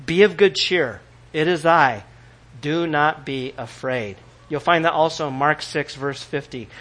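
Bright-voiced animated male preacher. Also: a little high. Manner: animated, acts out biblical quotes with sudden shouts. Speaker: pastor. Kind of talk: sermon.

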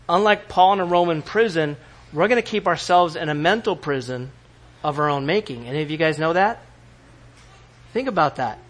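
A man preaching to his congregation, lively and animated, often turning to them with questions. His voice sits a little high for a man. He acts out the people he quotes in his own voice. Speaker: pastor. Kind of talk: sermon.

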